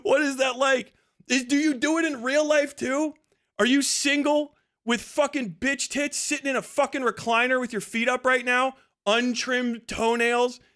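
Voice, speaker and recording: High-pitched ranting man, profane and shouty. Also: level tone, normal speed. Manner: profane, shouting, mocking rant with bursts of laughter. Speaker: streamer. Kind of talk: ranting live stream.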